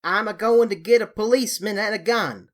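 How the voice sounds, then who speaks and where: A woman voicing a gruff, stubborn male manservant who speaks in a country dialect and drops his g's. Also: medium pitch, a little fast, pitched above the performer's own voice, close to an everyday voice.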